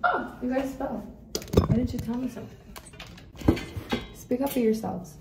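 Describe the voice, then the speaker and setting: A woman's voice: fairly high pitch, unhurried, echoey room, recorded from a distance, heavy background noise. A woman in her twenties from El Paso, telling a story in a casual, chatty way while doing her makeup, and swearing freely. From El Paso, Texas. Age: 20s. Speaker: vlogger. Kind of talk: casual get-ready-with-me storytelling.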